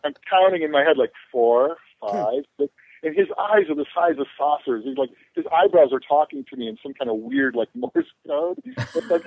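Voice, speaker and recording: A man's voice: fairly high pitch, sing-song, moderate pace, gravelly, dry recording. Joking storyteller man over a phone line. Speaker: podcast guest, convention organizer. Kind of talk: casual podcast chat.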